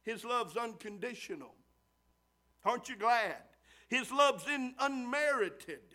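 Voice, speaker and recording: A man's voice: very high voice, animated, slow pace, pushed and bright. A man preaching a sermon, repeating phrases and asking the congregation "Amen?". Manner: repetitive call-and-response preaching, asking "Amen?".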